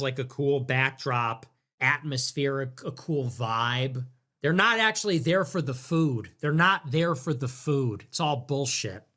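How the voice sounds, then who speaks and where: A young man streaming live, talking in a loose, profane rant. His voice sits a touch high for a man, and he swings between mock-sincere thanks and sarcastic tirades. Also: sharp tone. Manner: crude, ranting, sarcastic. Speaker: livestream host. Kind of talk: casual livestream chat.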